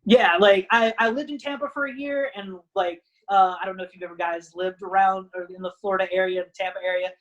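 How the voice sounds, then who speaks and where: A woman wrestler talking as a podcast guest in a casual, rambling way, full of "like" fillers, who acts out other people's lines in animated voices. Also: medium pitch, fast talker, few pauses, muffled recording.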